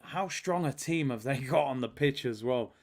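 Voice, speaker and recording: Gravelly and mid-range, this man's voice moves at a moderate pace as he hosts a football watch-along livestream. He's chatty, reads out viewer super chats, and gets excited calling the plays.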